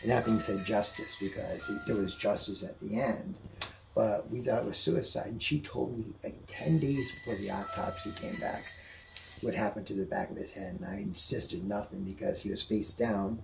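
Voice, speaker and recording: Gravelly man telling an emotional story. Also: fairly low pitch, background noise. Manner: halting, restarts and repeats when upset. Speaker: guest telling a personal story. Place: indoors at a house museum.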